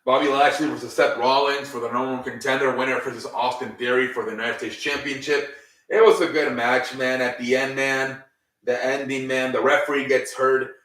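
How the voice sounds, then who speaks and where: A man's voice: medium pitch, little pitch movement, fairly quick, a bit bright. A man casually recapping a wrestling show on his own, rambling, with lots of ums and casual swearing. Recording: echoey room, distant mic.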